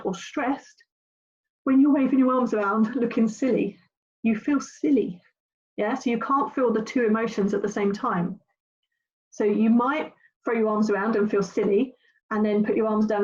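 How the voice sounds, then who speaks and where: A middle-aged woman coaching viewers on anxiety in a chatty, animated talk. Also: on the high side. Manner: chatty, animated, acts out voices. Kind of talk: talk to camera with slides. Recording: dull lo-fi sound.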